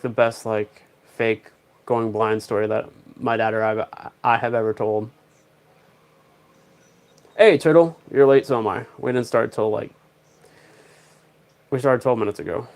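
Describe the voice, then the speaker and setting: Rambling young man streaming. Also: fairly low pitch. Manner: rambling storyteller, dry jokey asides. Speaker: live streamer. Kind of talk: casual livestream chat.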